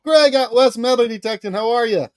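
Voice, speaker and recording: A man's voice: extremely high pitch, fairly quick, a little mellow, smooth. A man co-hosting a casual livestream chat, cheerfully greeting viewers by name. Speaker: livestream co-host.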